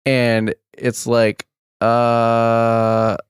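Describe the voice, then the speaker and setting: A young American man co-hosting a podcast in a relaxed, casual way. His voice is mid-pitched and close to the mic. The sound is dry, with no room around it. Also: drawn-out words, clean tone, dry recording. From United States. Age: young adult. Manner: relaxed, brief backchannels, laughs along. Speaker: podcast co-host.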